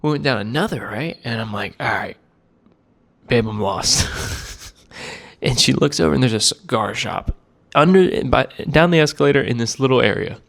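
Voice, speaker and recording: A man's voice: medium pitch, lively intonation, moderate pace, gravelly, fairly bright tone. A man in his twenties telling a rambling, laid-back story to camera in a casual vlog, with a self-deprecating manner. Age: 20s. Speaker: cigar vlogger.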